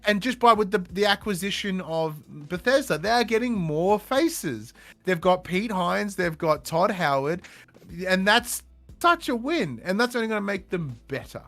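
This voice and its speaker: A man hosting a podcast in casual chat, animated and emphatic, swearing offhand. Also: high-pitched, normal speed. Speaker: podcast host.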